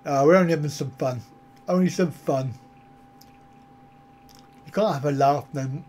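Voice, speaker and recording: A man's voice: a little high, measured pace, long pauses, darkish tone. A man hosting a travel vlog live stream, chatting with viewers in a jokey, rambling, easygoing way.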